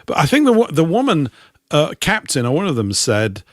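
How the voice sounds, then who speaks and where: A man's voice: fairly high pitch, huge pitch swings, fairly quick, no echo, studio quality. A British man in casual talk-show chat, rambling and opinionated as a co-host.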